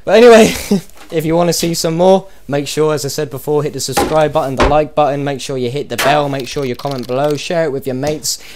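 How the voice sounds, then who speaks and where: Animated Irish YouTuber reacting. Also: male voice, fairly high pitch, fairly quick, very noisy. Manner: animated, exclaiming, laughing often. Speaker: YouTube host. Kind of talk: comedic reaction commentary.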